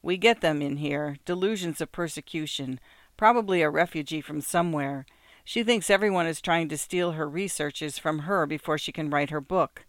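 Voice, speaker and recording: A man reading an audiobook, voicing a young reading-room attendant who talks quietly and offhandedly. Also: on the high side, normal speed, no echo, studio quality, close to an everyday voice. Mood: offhand.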